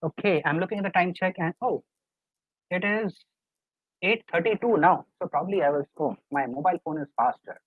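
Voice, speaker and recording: A man's voice: high-pitched, fairly quick, breathy edge, no room sound. A middle-aged man, a life coach giving a live webinar lecture in an earnest, coaxing, repetitive way. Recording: dry, tinny phone-like online call audio.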